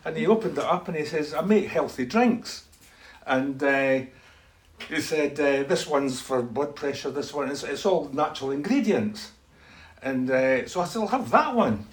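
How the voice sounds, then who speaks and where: A man telling a church testimony as a story, acting out both sides of conversations and laughing often. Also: mid-range voice. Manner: animated, acts out dialogue, laughs often.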